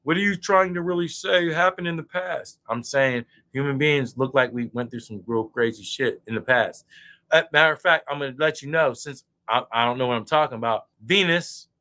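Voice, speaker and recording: Animated boastful man ranting. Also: mid-range voice, fairly quick. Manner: drinking beer while talking. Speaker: guest speaker. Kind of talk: heated casual debate chat.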